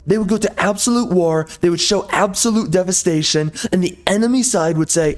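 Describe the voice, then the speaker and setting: A man's voice: sits high, fairly quick, hardly any pauses. A man from the United States ranting angrily over gameplay, firing off rhetorical questions and minced swear words. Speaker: gameplay video host.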